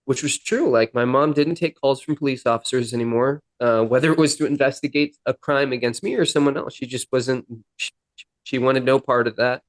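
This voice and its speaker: A young man, a podcast guest, telling his own story candidly, with halting restarts. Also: medium pitch, no room sound. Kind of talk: personal storytelling.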